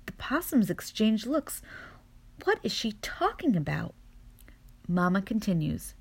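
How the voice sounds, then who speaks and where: A woman narrating a children's storybook in a gentle, expressive reading voice. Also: fairly low pitch, measured pace.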